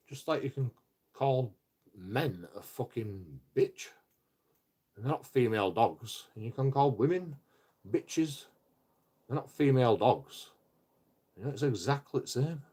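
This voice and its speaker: A man's voice: mid-range voice, warm tone, breathy edge. A man ranting casually on a live stream, rambling and profane, with lots of stumbling restarts.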